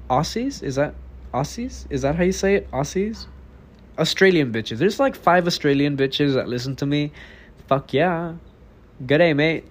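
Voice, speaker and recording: An eighteen-year-old man from Texas hosting his own podcast, talking alone in a rambling, blunt, profane way. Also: fairly high pitch. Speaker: podcast host. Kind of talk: casual solo podcast monologue.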